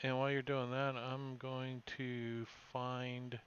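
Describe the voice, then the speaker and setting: Bright clear-voiced man running a game. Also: medium pitch, flat delivery, lo-fi sound. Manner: halting, thinks aloud with restarts. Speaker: game master. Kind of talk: casual tabletop game talk.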